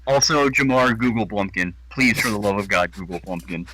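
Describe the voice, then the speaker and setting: A man co-hosting a podcast, talking in animated, gushing casual chat full of "like". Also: lowish voice, brisk, crowd noise, poor audio. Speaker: podcast co-host.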